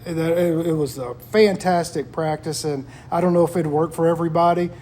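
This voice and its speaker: Earnest high-voiced man chatting. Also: steady tone, a little fast, a little mellow, a little hiss or hum. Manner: earnest, reflective storytelling. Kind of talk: casual chat.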